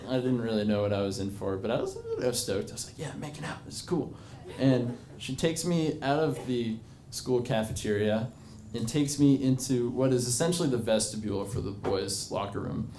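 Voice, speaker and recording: A man's voice: lowish voice, warm tone. A man in his twenties telling a personal story to a live bar audience, rambling and self-mocking, with many fillers. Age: 20s. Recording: echoey bar with crowd noise.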